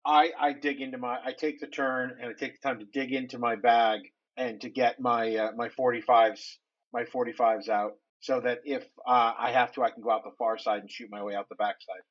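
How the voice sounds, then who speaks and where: A man playing a tabletop game who explains his moves deliberately. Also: medium pitch, little pitch movement. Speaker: player. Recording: dull, lo-fi audio.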